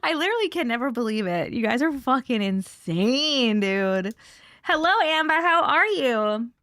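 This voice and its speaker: Bubbly high-voiced woman streamer. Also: animated, normal speed, a bit bright, no room sound, clean studio sound. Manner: bubbly, greets viewers by name, chatty. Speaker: livestream host. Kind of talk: casual livestream chat reading comments.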